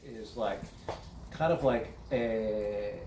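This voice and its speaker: A man's voice: on the low side, extremely slow, mellow, roomy sound, a little hiss or hum, rough recording. A man interviewing a guest in a casual conversation, thoughtful and hesitant, restarting his sentences.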